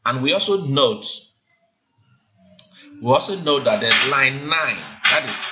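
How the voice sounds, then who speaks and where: A man teaching a poetry lesson, explaining in a measured, hesitant way with frequent pauses and filler sounds. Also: mid-range voice, expressive. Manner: measured, hesitant, frequent ums, counts syllables aloud. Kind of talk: recorded literature lesson. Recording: dull lo-fi sound with faint noise.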